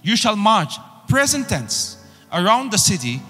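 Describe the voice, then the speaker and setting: A man preaching a sermon in a somewhat high, husky voice, hammering his points through repeated phrases. His voice carries a long reverb, as if in a large hall, with faint music underneath. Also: very animated, unhurried, fairly bright tone. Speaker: pastor.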